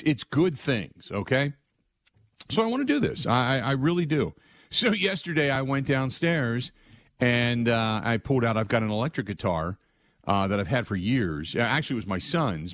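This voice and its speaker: A middle-aged male sports radio host, telling a long rambling story full of asides in an excitable way. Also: mid-range voice, dry recording. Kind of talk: animated storytelling monologue.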